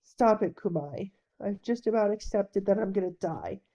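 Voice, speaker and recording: A woman's voice: medium pitch, normal speed, warm tone, muffled recording, lightly acted. A woman voicing a weary young male pilot who has accepted death, in a storybook reading. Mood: resigned.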